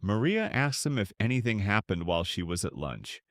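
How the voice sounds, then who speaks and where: A man teaching beginner English in a slow, clear, scripted way, pausing so listeners can repeat. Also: fairly low pitch, very animated, no echo, studio quality. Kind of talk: slow scripted lesson for learners.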